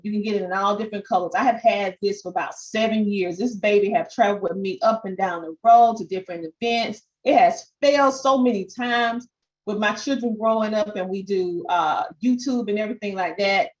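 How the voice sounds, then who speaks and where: A woman's voice: mid-range voice, highs cut off. Woman with a Southern country twang. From Southern United States. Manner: animated, peppers talk with "okay?". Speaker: podcast coach. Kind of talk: live coaching webinar. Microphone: desk microphone.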